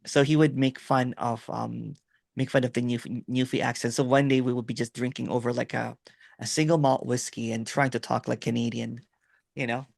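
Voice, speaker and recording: A man's voice: mid-range voice, little pitch movement, moderate pace, vocal fry, darkish tone, no room sound, clean studio sound. A middle-aged man from the Philippines with a Filipino accent, rambling through a story in casual video-call chat with lots of fillers and "right?". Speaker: host.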